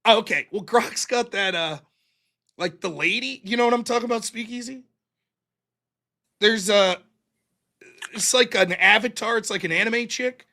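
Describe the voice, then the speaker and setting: A man's voice: high-pitched, normal speed, pauses often, bright, forceful tone. A man arguing in a debate, profane and rambling, acting out little quoted voices as he goes. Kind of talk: heated debate talk.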